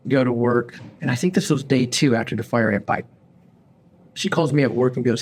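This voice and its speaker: Animated man telling a story. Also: mid-range voice, moderate pace. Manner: animated storyteller, acts out his own quoted lines. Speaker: podcast host. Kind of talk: casual storytelling chat. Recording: faint background noise.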